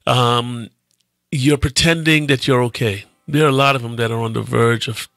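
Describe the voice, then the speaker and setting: A man's voice: mid-range voice, steady tone, normal speed, creaky, fairly bright tone, no echo. A man, an actor, answering interview questions in a reflective, hesitant way with many restarts. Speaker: actor and guest. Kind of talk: interview talk.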